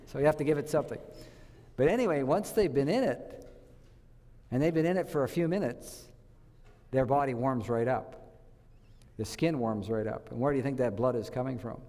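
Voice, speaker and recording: A man's voice: mid-range voice, moderate pace, long pauses, dark tone, in a large hall. A man giving a health talk to a church audience, telling stories and quizzing his listeners. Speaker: health speaker.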